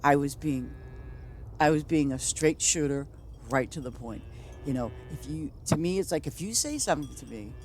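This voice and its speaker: A woman's voice: a bass voice, a little mellow. A woman streamer chatting casually while gaming, blunt and rambling, often breaking into laughter.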